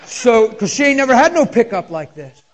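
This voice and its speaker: A male pastor, preaching a sermon in a conversational style and telling personal stories with deep emotion. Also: very animated, a little fast, a little hiss or hum.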